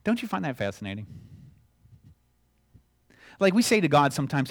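Middle-aged male pastor, relaxed conversational sermon delivery with playful acted-out exchanges. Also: a little high, normal speed, pauses often. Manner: conversational, chuckling asides, acts out dialogue.

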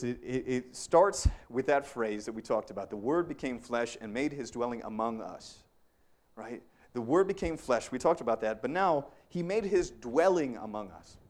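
A young adult man preaching a conversational sermon as a pastor, self-deprecating, with frequent "right?" asides to the congregation. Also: mid-range voice.

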